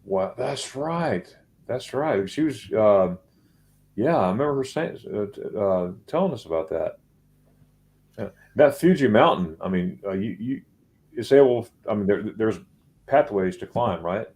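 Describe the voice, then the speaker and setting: A man hosts a loose, late-night live chat with a low, mellow voice. He rambles and trips over repeated words, laughing often. He sounds tired from being up all night. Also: expressive, measured pace. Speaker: host.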